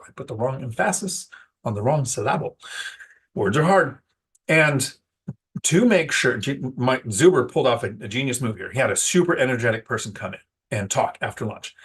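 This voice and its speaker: A man's voice: medium pitch, fairly bright tone, husky. A man talking casually to the camera about landlord life, rambling and poking fun at himself when he loses a word. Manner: rambling and self-deprecating, loses his words. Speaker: real estate investor vlogger. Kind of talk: casual talking-head vlog.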